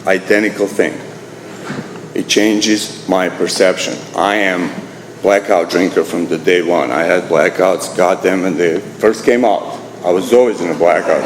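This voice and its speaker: A middle-aged man with a Croatian accent speaks to a meeting hall, blunt and profane, mocking himself as he goes. His voice sits fairly low. The sound is roomy with a long echo and a faint hum of room noise behind him. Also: moderate pace. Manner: blunt, profane, self-mocking, sentences restarted in slightly broken English. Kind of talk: recovery talk sharing his story.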